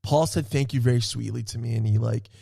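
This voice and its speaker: A man excitedly telling a story in a casual podcast chat, swearing often and laughing as he talks. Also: mid-range voice, brisk, vocal fry, husky, no room sound, clean studio sound. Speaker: podcast co-host.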